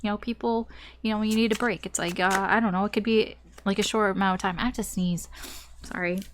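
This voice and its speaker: A woman's voice: mid-range voice, fairly even intonation, fast talker, slight background noise. A woman giving a casual tarot reading to her viewers, chatty and full of fillers and restarts. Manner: chatty, frequent fillers and restarts, light laughs. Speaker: tarot reader.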